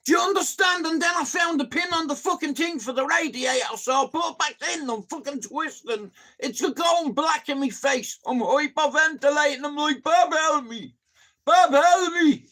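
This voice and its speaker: A Dublin Irish man chatting casually on a live stream, telling animated stories and swearing freely. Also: very high voice, moderate pace, few pauses.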